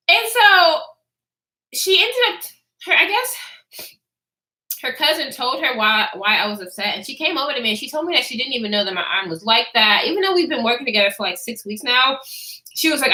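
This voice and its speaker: A woman in her twenties chats through a storytime for her live viewers, cursing freely and answering the chat between sentences. Her voice sits high and bright. The room around her is echoey. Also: very animated, a little fast. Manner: blunt, profane and chatty, answering chat as she talks.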